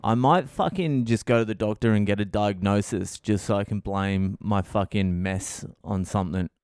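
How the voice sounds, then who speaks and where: A man's voice: lowish voice, moderate pace, darkish tone, clear, resonant tone, no echo, clean studio sound. A man hosting his own podcast, telling a comic story in a profane, rambling, self-mocking way. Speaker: podcast host, comedian.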